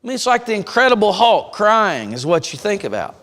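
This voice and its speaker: A man's voice: sits high, big pitch swings, brisk, fairly bright tone. Emphatic male preacher in a reverberant church. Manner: emphatic, storytelling, direct address to congregation. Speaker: revival preacher. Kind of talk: sermon. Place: church sanctuary.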